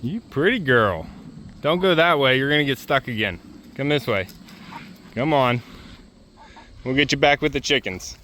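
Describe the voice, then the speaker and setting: A man's voice: mid-range voice, lively intonation, moderate pace, pauses often, bright, forceful tone, a little hiss or hum. A man vlogging from his homestead outdoors, chatting casually and coaxing his ducks, geese and turkeys along. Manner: coaxing, chatty talk to farm birds. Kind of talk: casual vlog narration. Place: outdoors on a farm yard and pasture.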